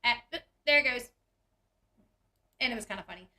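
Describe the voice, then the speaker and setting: Woman, casual recap chatter, bright tense voice, echoey room. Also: fairly high pitch, normal speed. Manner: chatty, giggly, retells scenes in quoted voices. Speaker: recap host.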